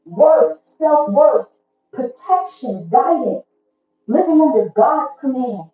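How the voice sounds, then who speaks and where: A woman's voice: high-pitched, expressive, slow, lo-fi sound, soft background music. Give me a profane, emphatic woman reading tarot to her viewers, echoey room. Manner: emphatic, blunt and profane, preachy. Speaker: tarot reader.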